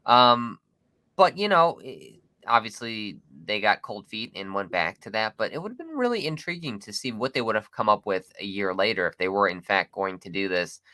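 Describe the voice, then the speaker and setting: A man with a low voice and a bright, forceful tone co-hosts a casual podcast discussion. He speaks eagerly, often restarting his sentences. The recording is dry and close. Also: animated, dry recording. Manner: enthusiastic, halting with restarts. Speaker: podcast co-host.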